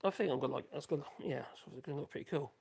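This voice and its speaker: Gravelly man chatting while working. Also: a little high, racing, a little mellow, slight background noise. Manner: rambling, chatty, muttering asides to himself. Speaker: woodworking livestream host. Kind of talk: casual chat while working.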